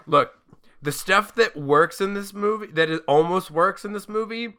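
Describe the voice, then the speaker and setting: A man's voice: sits high, normal speed, a bit bright, clean tone. A man co-hosting a podcast in casual movie-discussion chat, profane, sardonic and rambling. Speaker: podcast co-host.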